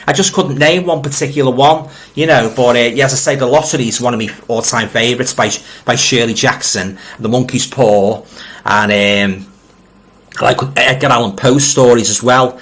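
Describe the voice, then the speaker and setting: A chatty middle-aged man with a Liverpool accent, speaking at an ordinary pitch. He greets viewers directly and talks in a loose, rambling way, often stumbling over repeated words. He sounds like a casual live-stream host reading out comments. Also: normal speed, a bit bright. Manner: friendly, addresses viewers directly.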